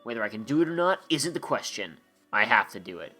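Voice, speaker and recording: A man's voice: mid-range voice, very animated, fast, sharp tone. Male let's-play commentator, jokey and sarcastic, reads the game text aloud and wanders off into asides, with faint music underneath. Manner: joking, sarcastic, rambling asides. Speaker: gameplay commentator.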